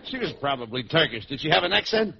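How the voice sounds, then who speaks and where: Gravelly, scolding straight man. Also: a little high, sing-song. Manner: brisk, scolding, exasperated. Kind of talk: 1940s radio comedy. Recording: lo-fi old radio recording with loud hiss.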